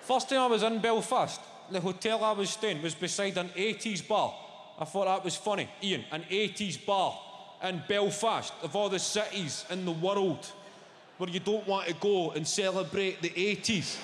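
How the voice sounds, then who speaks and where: Scottish comic doing standup, swearing and chatting up the crowd, big roomy hall sound. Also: male voice, high-pitched, moderate pace, slight background noise. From Scotland. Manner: sweary, animated crowd banter. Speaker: stand-up comedian. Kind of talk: stand-up comedy set. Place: large theatre stage. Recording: live theatre mic, long hall reverb. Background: audience ambience.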